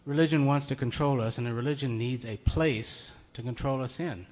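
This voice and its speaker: A man's voice: medium pitch, brisk. Folksy man preaching conversationally. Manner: conversational, storytelling, chuckles often. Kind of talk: informal sermon. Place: meeting room.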